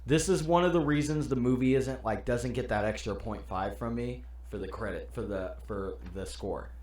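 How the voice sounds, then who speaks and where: A man's voice: medium pitch, normal speed. A man co-hosting a podcast, chatting casually and telling stories with lots of laughter. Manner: animated storyteller, laughs while quoting. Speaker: podcast co-host. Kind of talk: casual chat. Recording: roomy echo.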